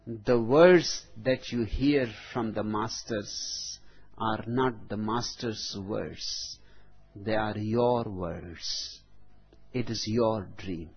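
A man giving a spiritual discourse, slow and deliberate, with long pauses between phrases. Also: on the low side, slightly rough. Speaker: spiritual teacher. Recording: dull lo-fi recording.

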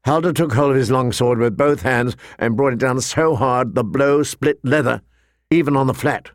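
This male audiobook narrator has a mid-range voice and tells a fantasy novel with steady, measured pacing. The sound is clean studio audio with no room sound.

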